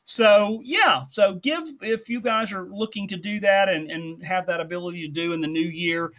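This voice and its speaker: On a dull, lo-fi call, an instructor leads a conversational group session in a high, sharp voice at an ordinary pace. His manner is folksy, wandering and full of self-corrections.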